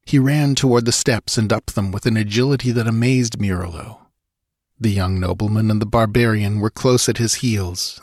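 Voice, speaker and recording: Guy reading a story aloud, lowish husky voice, dry close recording. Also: no room sound. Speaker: audiobook narrator. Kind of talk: scripted narration.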